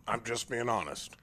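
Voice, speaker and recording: Lively chatty male radio host. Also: medium pitch. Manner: chatty, opinionated, stumbles and repeats words. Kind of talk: casual morning radio banter.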